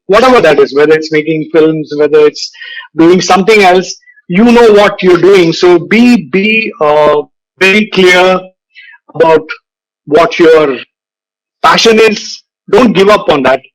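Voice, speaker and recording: An older man, an advertising veteran giving a motivational speech with unhurried storytelling. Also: high-pitched, poor audio. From India. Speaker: guest speaker, advertising veteran. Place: virtual event recording.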